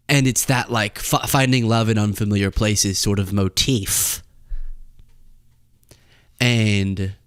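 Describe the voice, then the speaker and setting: A man's voice: on the low side, clean tone, no room sound, studio quality. A young adult man hosting a casual political commentary show, rambling and improvising a comic story. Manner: rambling, improvising a comedy bit. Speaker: host.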